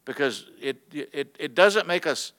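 A man's voice: fairly high pitch, expressive, unhurried, fairly bright tone. A man preaching to a church gathering in a loose, conversational way, full of fillers and restarts. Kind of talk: unscripted sermon to a church gathering.

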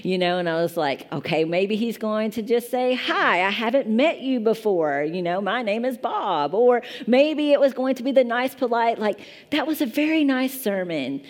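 A woman's voice: a little high, animated, normal speed, few pauses. A woman pastor in her thirties from Kentucky with a strong Kentucky accent, preaching a chatty, self-deprecating sermon. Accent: Eastern Kentucky.

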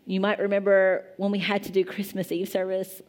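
A woman's voice: mid-range voice, flat delivery, brisk, darkish tone. A woman in her thirties preaching a sermon in a church, conversational and often asking the congregation questions. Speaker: pastor. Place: church sanctuary.

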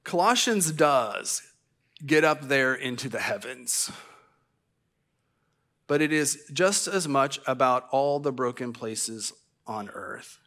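A man's voice: medium pitch, lively intonation, takes it slowly, pauses often, bright, forceful tone. A middle-aged man preaching a sermon as pastor, conversational with self-deprecating asides and stammered restarts. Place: church sanctuary.

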